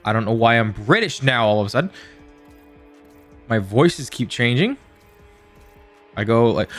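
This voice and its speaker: A man talking casually to viewers while he plays on a live game stream, playful and quick to slip into silly voices. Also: on the low side, soft background music.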